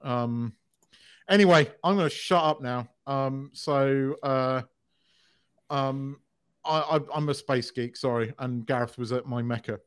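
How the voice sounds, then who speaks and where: A man co-hosting a podcast in casual, rambling chat, excitable and swearing freely between lots of ums. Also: mid-range voice, unhurried, clear, resonant tone. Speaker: podcast co-host.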